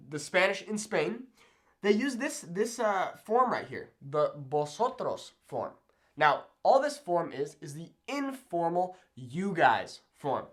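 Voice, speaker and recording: A man's voice: fairly high pitch, fairly bright tone. A young man giving a chatty whiteboard lesson, upbeat and often checking in with "okay?". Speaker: Spanish teacher. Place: room with a whiteboard.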